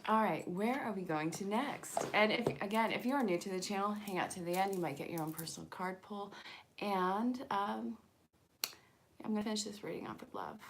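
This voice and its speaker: A woman's voice: medium pitch, moderate pace, background noise. A woman hosting a casual live-streamed angel card reading, chatty and encouraging, joking with comments from her viewers. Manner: encouraging, spiritual self-help talk. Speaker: angel card reader, channel host.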